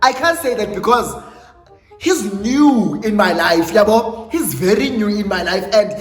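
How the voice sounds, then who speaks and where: A South African man on his YouTube channel, telling a storytime tale in an animated, dramatic way and mixing English with Xhosa phrases. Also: sits high, a little slow. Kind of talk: storytime vlog. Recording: echoey room with long reverb, faint music.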